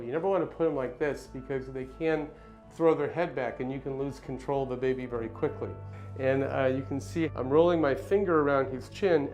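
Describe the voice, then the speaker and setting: A man pediatrician with a slightly higher voice walks through a technique step by step. He speaks calmly and evenly, like a clinician teaching in his consultation room, with faint music underneath. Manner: calm, measured, gently explanatory. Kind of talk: instructional demonstration.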